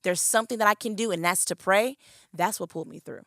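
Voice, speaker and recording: A woman's voice: medium pitch, fast talker, creaky, sharp tone, no room sound, clean studio sound. A woman co-hosting a faith talk show, speaking in an earnest, emotional, confiding way. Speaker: co-host.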